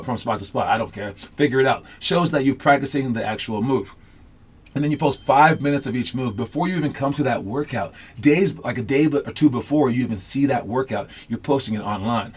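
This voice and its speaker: A man's voice: mid-range voice, slightly rough. A man coaching basketball in a casual online class, loose and chatty with many fillers, upbeat and encouraging.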